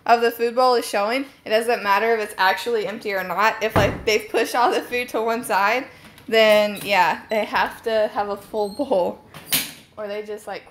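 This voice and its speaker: A young woman hosts a casual live stream from home on her phone, rambling and chatting with lots of "like" fillers. Her mid-range voice is a bit bright, with fairly even intonation and a slightly slow pace, over slight background noise.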